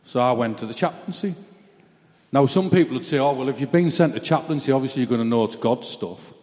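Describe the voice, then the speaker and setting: A man's voice: mid-range voice, animated, fast talker, a little mellow, in a large hall. A man giving a personal testimony in a chatty, blunt, self-mocking storytelling way.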